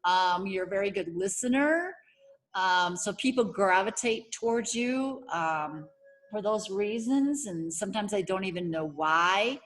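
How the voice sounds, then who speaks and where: A woman's voice: medium pitch, expressive, measured pace, fairly bright tone. A woman giving a casual spiritual oracle card reading as a coach, searching for words with many fillers and restarts. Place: home setting.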